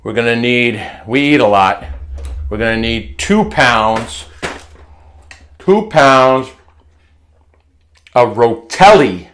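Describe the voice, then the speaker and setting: Demonstrating a home recipe in his kitchen, a home cooking vlogger takes his time, speaking in a relaxed, unhurried, folksy and chatty way. His mid-range, medium-pitched voice often repeats words and starts phrases over during the casual cooking demo.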